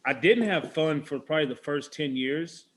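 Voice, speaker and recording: A man's voice: on the high side, moderate pace. A man hosting a casual interview, thinking aloud as he builds long, reflective questions. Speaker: podcast host, interviewer.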